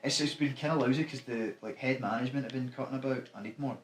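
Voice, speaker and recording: A man's voice: mid-range voice, fast. A Scottish man rambling and swearing freely as he chats over a co-op video game. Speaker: gaming co-host. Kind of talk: casual let's-play banter. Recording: echoey room with game music. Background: video game music.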